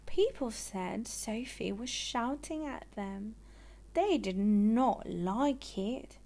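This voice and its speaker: Slow, expressive woman storyteller. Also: a little high. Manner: expressive and deliberate. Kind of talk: reading a children's picture book aloud.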